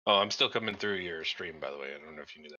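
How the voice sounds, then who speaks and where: A man's voice: low voice, rapid-fire, pushed and bright, highs cut off. A man playing in a tabletop game, chatting in an easygoing way. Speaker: player. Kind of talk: casual chat.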